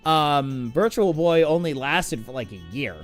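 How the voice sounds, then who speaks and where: A man's voice: fairly high pitch, expressive, a little slow, faint music behind. A man hosting a game stream, chatting casually and getting distracted by his game, with lots of fillers. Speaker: streamer host. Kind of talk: casual chat while gaming.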